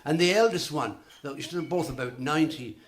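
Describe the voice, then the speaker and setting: A middle-aged man doing live stand-up comedy, telling quick jokes and slipping into voices for the punchlines. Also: on the high side, slight background noise. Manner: brisk joke-telling, swapping voices for punchlines.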